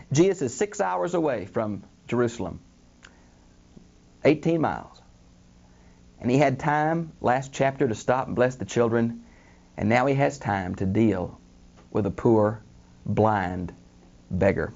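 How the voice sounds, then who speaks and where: A man's voice: mid-range voice, a little slow, vocal fry, pauses often, dull audio. An older man teaching a Bible lesson in a studio, speaking to listeners as "friends," acting out the quoted voices with a lot of "uh" fillers. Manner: animated, acts out the quoted voices, frequent "uh" fillers. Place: recording studio.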